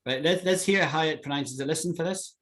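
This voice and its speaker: A man's voice: fairly high pitch, fairly quick, fairly bright tone. Man, English teacher, online class, explanatory, checks in often. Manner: explains with many "right?" checks.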